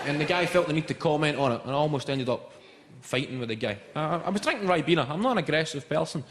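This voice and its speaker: A Scottish man of around forty doing stand-up comedy, telling animated, sweary stories and slipping into other people's voices. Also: fairly high pitch, fast. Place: comedy venue stage with a live audience. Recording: echoey live venue, loud crowd laughter.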